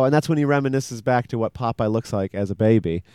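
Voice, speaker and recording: A man co-hosting a podcast in casual chat, rambling and animated as he recaps a cartoon. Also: medium pitch, fast, smooth, no echo. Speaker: podcast co-host.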